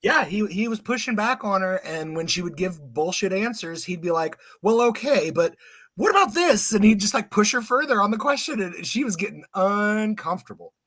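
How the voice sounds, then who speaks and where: A man's voice: high-pitched, lively intonation, brisk, few pauses, sharp tone, no room sound, clean studio sound. A man co-hosting a podcast, sarcastic and mocking in casual political chat.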